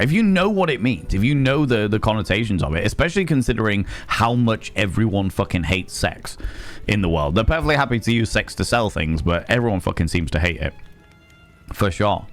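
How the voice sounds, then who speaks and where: A man, a streamer and sex educator, chatting casually and telling animated, wry stories while swearing freely. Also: lowish voice, fairly quick, faint music behind. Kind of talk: casual live-stream chat.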